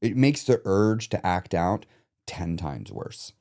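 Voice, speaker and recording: Deep mellow guy, coach type, talking frank and thoughtful on a podcast, swears a bit. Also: huge pitch swings, takes it slowly, gravelly. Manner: candid, reflective, occasional swearing. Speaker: emotional eating coach. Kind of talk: casual podcast conversation.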